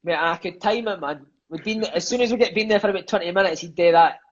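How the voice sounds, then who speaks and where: With dull audio, a Scottish man in his thirties talks fast in a high voice. He used to play football and is guesting on a podcast, telling casual stories with swearing and frequent "aye" and "mate."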